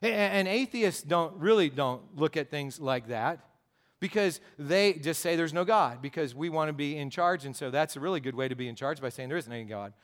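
A pastor delivering an earnest sermon, repeating phrases and asking the congregation rhetorical questions. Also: male voice, fairly high pitch, expressive, fairly quick.

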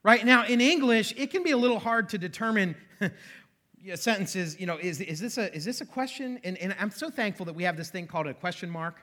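A man's voice: high voice, animated, a little fast, sharp tone. A male pastor preaching a sermon in a church, conversational and self-deprecating, with joking asides. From western Pennsylvania. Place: church sanctuary.

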